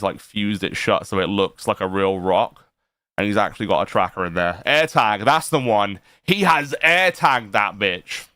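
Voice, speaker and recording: A man's voice: mid-range voice, a bit bright, clear, resonant tone, dry recording, studio quality. A man giving profane, mocking reaction commentary to a stream, laughing often and padding his talk with fillers.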